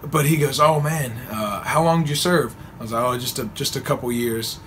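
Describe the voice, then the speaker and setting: A man's voice: medium pitch, normal speed, slight background noise. A young man telling a funny true story in a casual vlog, acting out the lines with frequent laughter. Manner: animated, laughs often, acts out quotes. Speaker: vlogger.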